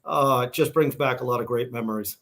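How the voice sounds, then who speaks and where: A man's voice: medium pitch, brisk, fairly bright tone. Boston man telling a rambling story. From Massachusetts, USA. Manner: rambling, many restarts and fillers. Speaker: guest, shoe company founder. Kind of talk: casual storytelling interview.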